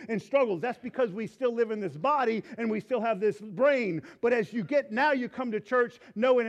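High-pitched fervent male pastor. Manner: swings from fervent shouting to hushed altar-call prayer. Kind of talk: sermon. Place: church sanctuary.

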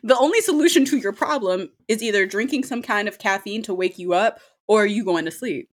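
A young woman telling a story about a date in a casual monologue, lively and profane, laughing often. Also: medium pitch, moderate pace. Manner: animated, swears freely, laughs often.

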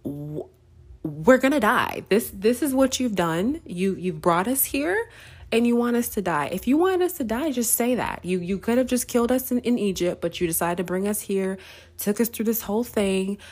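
A woman's voice: sits low, fairly even intonation, takes it slowly, few pauses, a little mellow, husky, heavily acted. A woman acting out a frightened crowd of fleeing people, frantic and accusing. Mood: panicked accusing.

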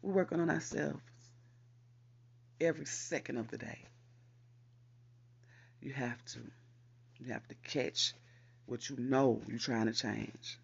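A man hosting a podcast, reciting affirmations and repeating them slowly for emphasis in an encouraging way. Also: mid-range voice, gravelly, slightly rough, lo-fi sound. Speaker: podcast host. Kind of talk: spoken affirmations.

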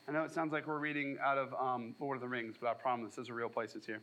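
A man's voice: medium pitch, fast talker, poor audio. A man preaching a sermon as pastor, reading scripture and retelling it with casual asides and jokes. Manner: animated storytelling with asides and jokes.

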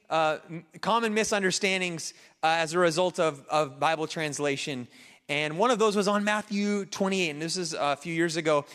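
A high-pitched male pastor delivers a sermon in an easy, conversational way. He unpacks each point step by step and leans on rhetorical questions. His voice rings out with a long reverb tail in the church space. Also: a bit bright.

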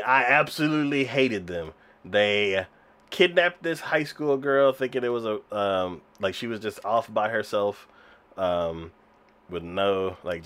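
A man in relaxed chat, retelling scenes with a lively, swinging pitch. He laughs often and fills his pauses with "um" and "like.". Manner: animated, laughs often, many fillers like "um" and "like". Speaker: podcast co-host reviewing anime. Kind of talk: casual chat.

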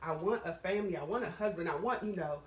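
A woman talking in a candid, casual chat, animated and frank, with plenty of profanity. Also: fairly low pitch, fast. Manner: animated, frank and profane, swings between laughter and strain. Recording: roomy sound from a distant mic.

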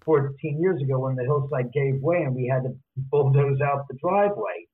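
A man telling stories as an interview guest, lively, acting out the voices of people he quotes. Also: mid-range voice, normal speed. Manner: animated, acts out quoted voices. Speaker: author and guest. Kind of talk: casual storytelling interview. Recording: tinny phone-line audio.

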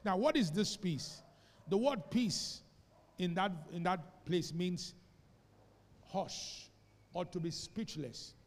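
High-voiced Nigerian preacher in a reverberant hall. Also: male voice, expressive, slow pace, long pauses. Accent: Nigerian English. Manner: preaching with call-and-response, swinging between quiet asides and shouts. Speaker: pastor. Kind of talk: sermon. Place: church hall.

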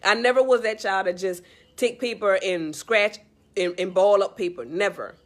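A woman's voice: medium pitch, moderate pace. A woman speaks in a loose, heartfelt monologue, offering life advice. She is earnest and a little preachy, circling back to the same phrases to drive her points home. Her tone is casual and direct, as if talking to a friend. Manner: earnest, repetitive, preachy, talks straight to the listener. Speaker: vlogger giving life advice.

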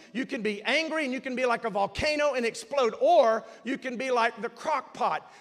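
A male pastor preaching a sermon in a church, moving from calm teaching to loud shouted calls to praise. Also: high-pitched, in a large hall. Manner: preaching, swings from quiet teaching to shouted exhortation. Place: church sanctuary.

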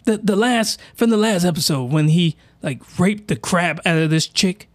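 A man hosting an anime reaction video, giving excitable, crude commentary at a desk mic, with shouting outbursts and voice cracks. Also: high voice, normal speed.

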